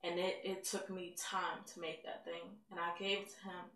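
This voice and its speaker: A woman's voice: fairly low pitch, flat delivery, normal speed, fairly bright tone. A woman giving a candid, emotional personal testimony in a conversational way. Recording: roomy sound, mic at a distance.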